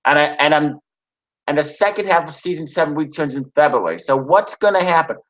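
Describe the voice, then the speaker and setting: Halting man on a dull lo-fi recording. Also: on the high side, animated, fairly bright tone. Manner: halting, frequent restarts and pauses. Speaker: TV episode reviewer. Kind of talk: reading a recap then casual review.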